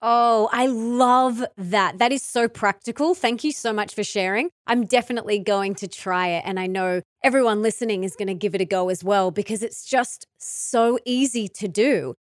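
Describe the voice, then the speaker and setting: A woman's voice: medium pitch, normal speed, few pauses, no echo. Upbeat woman hosting, dry close sound. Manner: enthusiastic and encouraging. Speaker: podcast host. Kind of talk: conversational interview.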